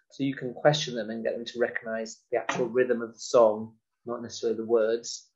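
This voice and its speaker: A man teaching parents about early phonics, modelling words and sounds slowly and explicitly. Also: mid-range voice, fairly even intonation, darkish tone, highs cut off. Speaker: nursery teacher. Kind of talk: instructional talk to parents.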